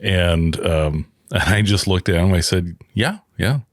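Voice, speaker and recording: A man co-hosting a podcast tells a travel story in a relaxed, wry way, dropping in asides as he goes. His voice is very deep, and the recording is close and dry, with no room sound. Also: a little slow, dry recording. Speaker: podcast co-host. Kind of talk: casual storytelling chat.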